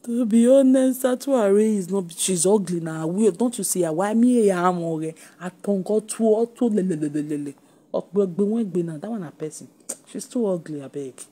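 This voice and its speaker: A woman speaking Nigerian Pidgin English, giving a mocking, animated gossip commentary for her online audience, laughing often. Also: mid-range voice, normal speed.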